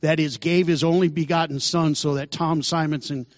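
A man's voice: on the high side, fairly even intonation, normal speed, in a large hall. A man telling his recovery testimony in an earnest storytelling way, sermon style. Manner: earnest storytelling, acts out quoted voices. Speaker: testimony speaker.

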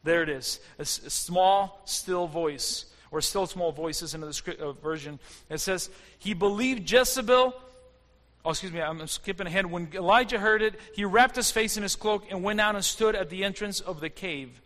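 Preacher guy, fervent sermon, bright edgy voice. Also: high-pitched, normal speed. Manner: fervent, rising and falling intensity. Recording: long hall reverb.

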